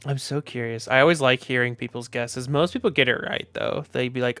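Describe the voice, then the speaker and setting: A man with a Southern US accent chatting casually on his stream, loose, profane and quick to laugh. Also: mid-range voice, fairly bright tone, clean tone, no room sound. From Southern United States. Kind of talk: casual livestream chat.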